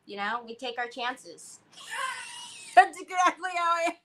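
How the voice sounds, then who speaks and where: Slow-talking, bright-voiced woman chatting. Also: high voice, big pitch swings, a little hiss or hum. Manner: chatty, rambling storyteller. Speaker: crafting livestream host. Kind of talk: casual chat while crafting.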